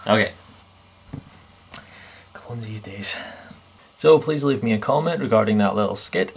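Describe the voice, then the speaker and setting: A video blogger with a lowish voice and noticeable vocal fry talks to himself, playing both himself and his clone. The casual, improvised comedy skit is rambling and self-mocking, shot at home in his sitting room on a camera on a TV unit.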